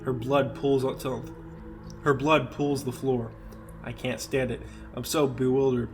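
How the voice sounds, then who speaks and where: A man's voice: medium pitch, little pitch movement, unhurried, music in the background. A young man co-hosting a podcast, reading a horror story aloud with hammy emphasis and bursts of laughter. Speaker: podcast co-host.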